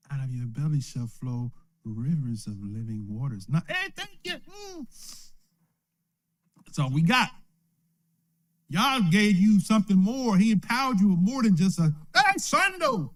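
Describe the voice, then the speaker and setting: Man giving a casual bible lesson, slow and a bit high, keeps asking "right?". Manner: drawn-out, animated preaching with frequent "right?". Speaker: teacher leading a scripture lesson. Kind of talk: informal Bible lesson on a livestream.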